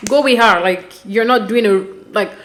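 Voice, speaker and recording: A woman from Nigeria hosting a reality TV recap, talking in a casual, animated, opinionated way with frequent exasperation. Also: mid-range voice, normal speed, a little hiss or hum. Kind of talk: casual commentary.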